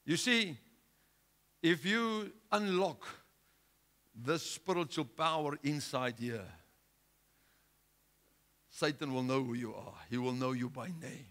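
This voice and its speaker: A male pastor preaching a sermon with a South African accent, swinging between loud urgent exhortation and quiet, low asides. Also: slow, pauses often. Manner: impassioned preaching, rising loud then dropping low.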